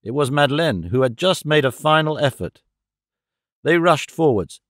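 A man's voice: fairly high pitch, no echo. Man narrating an audiobook, dry and close. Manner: measured, steady reading. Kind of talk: scripted narration.

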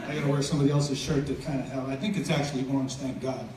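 A middle-aged man speaks very fast in a medium, steady voice while delivering a casual, humorous guest sermon at a church. He's chatty and keeps interrupting himself, and the audio comes from a distance in an echoey hall with a little noise.

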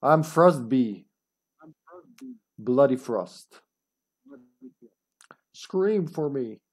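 A man's voice: mid-range voice, expressive, very slow, a little mellow. A man streaming a co-op video game, chatting casually, joking and laughing, sometimes putting on a mock British voice. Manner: jokey, laughs a lot, puts on a mock British voice. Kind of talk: casual gameplay chat.

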